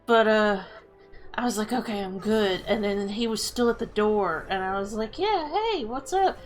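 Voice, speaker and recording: A woman's voice: medium pitch, moderate pace, poor audio. A woman streamer in casual chat, telling embarrassing stories with lots of laughter. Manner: laughing storyteller, animated. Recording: faint music behind.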